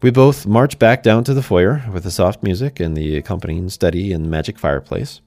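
Deep-voiced man narrating a fantasy story. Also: a little fast, dark tone, no room sound. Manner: conversational, speaks to the listener directly.

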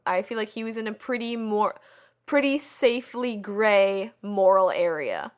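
A woman's voice: mid-range voice, a little slow. Chatty woman retelling movie scenes. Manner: rambling, lots of "like", animated retelling of scenes. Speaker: co-host of a movie discussion. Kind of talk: casual chat.

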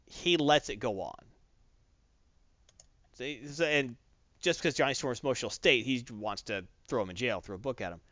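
A man's voice: medium pitch, normal speed, pauses often, no echo. A man hosting a podcast, recapping a comic book casually with lots of fillers. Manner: animated storyteller, many fillers. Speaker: podcast host. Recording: dull, dry lo-fi recording.

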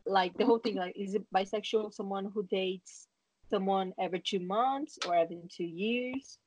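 A woman's voice: medium pitch, normal speed, darkish tone, dry recording, rough recording. Young woman, teasing co-host, casual chat, dry close sound. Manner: teasing, playfully probing questions.

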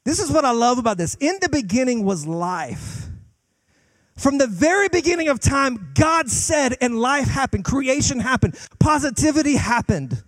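A young adult man preaching a sermon as a guest pastor, emphatic, with fast bursts and slow drawn-out lines, often repeating words as he starts sentences. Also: very high voice, big pitch swings, fairly bright tone, dry recording.

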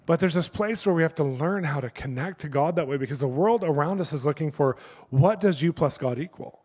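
A middle-aged male pastor preaching a sermon through lively personal stories, acting out the people in them. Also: fairly high pitch, fairly quick, husky, in a large hall. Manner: animated, acts out the people in his stories. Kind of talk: sermon storytelling.

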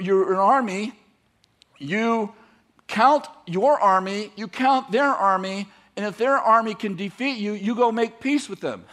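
Male preacher, high-pitched, animated storyteller who voices characters. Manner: animated, acts out biblical characters with voices and laughs. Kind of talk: sermon storytelling.

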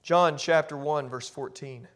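Male pastor, high voice, impassioned sermon; quiet musing to loud emphatic preaching. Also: measured pace. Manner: repeats and restarts words when carried along.

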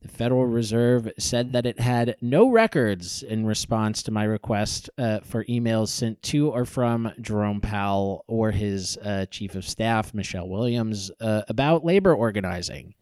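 A man's voice: lowish voice, unhurried, hardly any pauses, a little mellow, no echo. A man co-hosting a news podcast, giving wry remarks and updates with dry jokes and frequent fillers. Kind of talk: casual political commentary.

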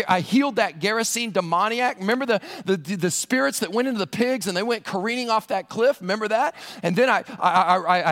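A man's voice: high-pitched, vocal fry, a bit bright, exaggerated voice. A man voicing Jesus as an adult man pressing his followers with a rhetorical list of deeds, during a sermon. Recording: long hall reverb in church.

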